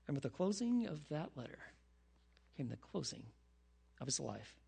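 Animated husky male preacher. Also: on the high side, a little slow, long pauses, in a large hall. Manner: animated, drops to a hushed voice for prayers. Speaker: pastor. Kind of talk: sermon.

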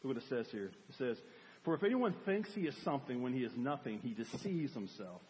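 A man preaching a sermon as a pastor, animated, acting out cries for help to make his point. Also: medium pitch, a little fast, slight background noise. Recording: long hall reverb.

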